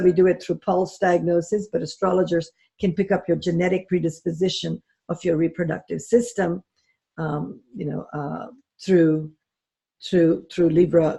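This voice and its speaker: A woman's voice: lowish voice, vocal fry, dark tone. A woman astrology teacher lecturing in a live class, telling stories in a chatty way with many fillers.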